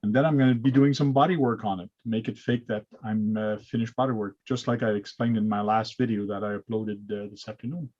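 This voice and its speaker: A man's voice: on the low side, fairly even intonation, a little fast, few pauses, a little mellow. A man hosting a casual hobby livestream, explaining things step by step with plenty of uh's over a video call. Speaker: host. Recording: lo-fi dull sound.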